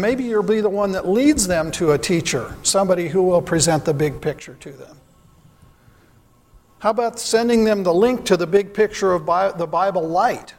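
Earnest church speaker, man, high voice, asks his flock pointed questions. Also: big-room sound. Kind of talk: sermon.

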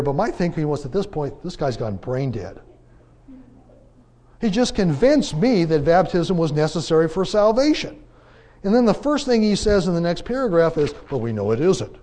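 Animated man preaching on baptism. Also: on the high side. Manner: animated, rhetorical questions, emphatic swings in loudness. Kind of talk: conversational Bible class teaching.

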